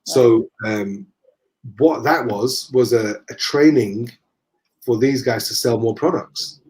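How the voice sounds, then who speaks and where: A man with a Northern English accent, a guest in a conversation, telling lively anecdotes and acting out the dialogue. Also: medium pitch, takes it slowly. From northern England. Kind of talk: casual storytelling in conversation.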